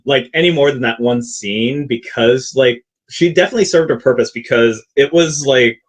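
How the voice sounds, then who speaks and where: A man's voice: mid-range voice, moderate pace. A man who is a guest on a movie podcast, rambling casually with lots of "like" and laughing easily. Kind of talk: casual chat.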